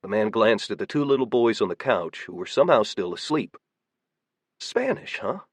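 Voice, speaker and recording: A man giving steady, measured audiobook narration. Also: on the low side, no room sound.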